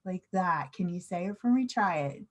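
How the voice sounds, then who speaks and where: An American woman teaching English slang in an online class. She speaks clearly and asks the viewer questions. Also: fairly low pitch, expressive, moderate pace.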